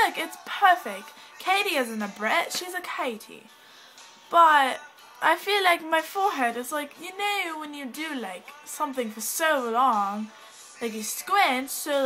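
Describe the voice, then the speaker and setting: A woman's voice: sits high, pushed and bright, rough recording. A woman vlogging in a put-on, mixed British accent, rambling in a giggly, scattered, dramatic way. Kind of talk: rambling casual vlog. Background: faint music.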